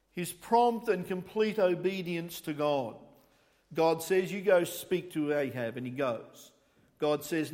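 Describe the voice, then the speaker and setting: A man's voice: sits high, in a large hall. A man preaching a sermon, emphatic, reading scripture aloud in old-fashioned wording.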